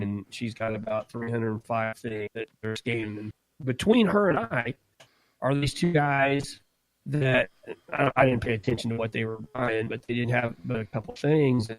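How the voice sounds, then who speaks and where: A man co-hosting a podcast, telling a story in a casual, animated way and acting out what people said. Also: mid-range voice, dry recording, poor audio. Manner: animated, laughs while telling, acts out quotes. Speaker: podcast co-host.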